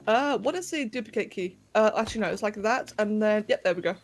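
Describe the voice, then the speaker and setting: In her home bedroom, a young game streamer talks casually with viewers during play, giggling a lot. She has a mid-range voice with lively intonation and a quick pace, over faint background music.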